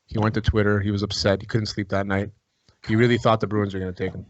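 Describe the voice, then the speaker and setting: A man's voice: lowish voice, level tone, quick pace, dry recording. A man hosting a live fantasy draft on a group call, joking around with crude banter. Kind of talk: casual group chat. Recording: dull lo-fi call audio.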